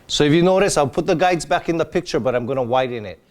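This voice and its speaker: Patient man teaching dog training. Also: fast talker. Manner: patient, explains each step while working the dog; bursts into high excited praise for the dog. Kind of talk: hands-on training demonstration.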